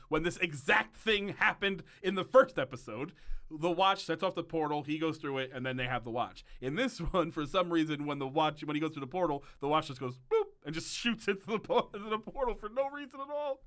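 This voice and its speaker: A man's voice: on the high side, fairly bright tone. A man hosting a comedic podcast, ranting animatedly and laughing often as he recaps a show. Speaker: podcast host.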